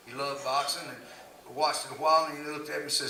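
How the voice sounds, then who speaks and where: A man's voice: a little high, little pitch movement, fast, vocal fry, pushed and bright. An older man telling casual, laughing stories about his years as a country singer. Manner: folksy, laughing, drawling storyteller. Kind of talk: casual storytelling. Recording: echoey, distant, noisy live room.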